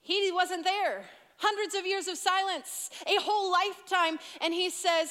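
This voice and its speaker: A young woman in her twenties gives a sermon in a high, light voice. She talks like she is chatting with a room of teens, slipping in asides, and her words ring out with a long reverb from a big church hall. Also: moderate pace, hardly any pauses, a bit bright. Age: 20s. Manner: conversational storytelling with asides to teens. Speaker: youth pastor.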